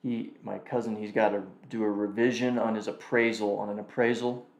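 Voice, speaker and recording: This live stream host talks a little fast in a lowish, creaky voice with a level tone, casually reacting and muttering to himself while thinking aloud. The audio is dull and carries a roomy echo.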